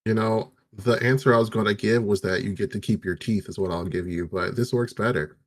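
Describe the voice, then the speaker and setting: A man playing in a tabletop game, making dry, low-key remarks in casual chat. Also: steady tone, a little fast, no echo. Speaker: player.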